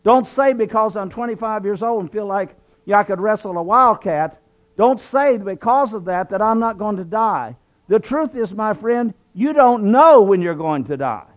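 His voice sits high with lively intonation and a normal pace. The guest, from southwestern Virginia, recounts his conversion like a preacher, earnest and leaning on repeated phrases for emphasis.

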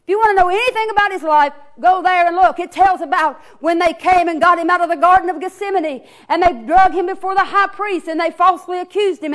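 A woman preacher who teaches children's church, telling a sermon story with repeated words and restarts. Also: very high voice.

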